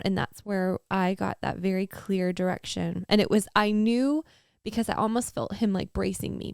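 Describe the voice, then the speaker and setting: A woman in her thirties talks candidly on a faith podcast, earnest and rambling, full of fillers. Her voice has a gravelly, fry-laced texture. The sound is dry and close. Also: mid-range voice, a little mellow, no room sound. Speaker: podcast co-host.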